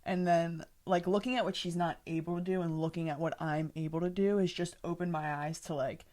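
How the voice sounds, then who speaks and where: A woman's voice: fairly low pitch, a little fast. A young woman co-hosting a podcast, speaking openly and with feeling in casual chat, and telling stories with animation. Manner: heartfelt, open, animated when telling stories. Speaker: podcast co-host.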